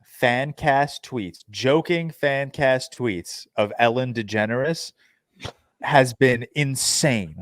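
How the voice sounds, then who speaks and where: A man's voice: mid-range voice, slow, no echo. A man with an ordinary mid-range voice throws wry, jokey asides into a casual film podcast. His voice is recorded dry and close. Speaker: podcast co-host. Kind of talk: casual movie podcast chat.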